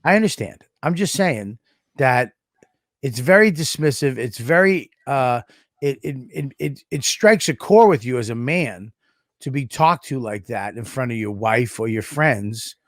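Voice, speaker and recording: A man's voice: fairly high pitch, dry recording, studio quality. A man co-hosting a podcast in casual chat, profane and rambling with frequent restarts. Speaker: podcast co-host.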